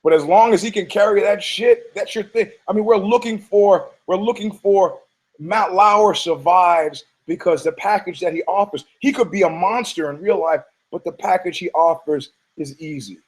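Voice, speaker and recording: A man's voice: high-pitched, normal speed, rough recording. A man from Detroit hosting a podcast, riffing in a rambling, profane way with laughing asides and frequent restarts. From Detroit, United States. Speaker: podcast host. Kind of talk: rambling casual commentary.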